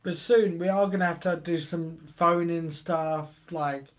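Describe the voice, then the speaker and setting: Guy rambling on his live stream, jokey, kinda high voice. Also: fairly even intonation, a little slow. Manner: chatty, joking, rambling, reading chat aloud. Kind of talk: casual live stream chat.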